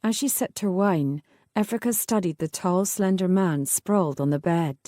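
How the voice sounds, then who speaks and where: A woman narrates a historical romance in a measured, steady storytelling voice. Her tone sits low and mellow. The sound is close and dry, with no room around it. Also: no echo. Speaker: audiobook narrator. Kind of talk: scripted narration.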